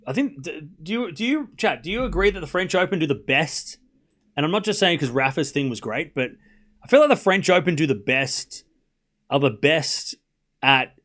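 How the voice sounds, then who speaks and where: A man hosting a live tennis watchalong, rambling casually, answering viewer chat and calling points in quick play-by-play bursts. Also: medium pitch, fairly bright tone.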